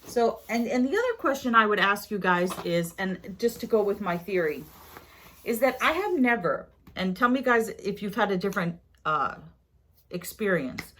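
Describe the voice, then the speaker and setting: Woman talking through her dollar store haul, chatty, wanders off topic, mid pitch. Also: fairly bright tone. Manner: chatty and rambling, with asides to viewers. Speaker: haul vlogger. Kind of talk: casual haul chat to viewers.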